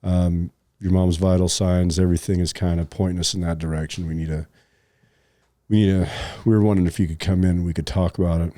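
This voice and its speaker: A man's voice: sits low, little pitch movement, fast talker, dark tone, dry recording, studio quality. A middle-aged man telling a personal story in casual podcast chat, rambling with many fillers and restarts, sometimes choked up. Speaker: podcast co-host.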